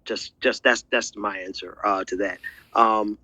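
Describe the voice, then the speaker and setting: A soft-spoken man hosting an online audio discussion, hesitant and supportive. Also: fairly low pitch, steady tone, a little slow, no echo, poor audio. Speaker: host of the discussion. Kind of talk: casual chat.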